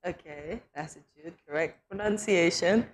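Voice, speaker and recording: A woman's voice: on the low side, moderate pace. A woman co-hosting a morning talk show in casual chat, playful and teasing, laughing to tears.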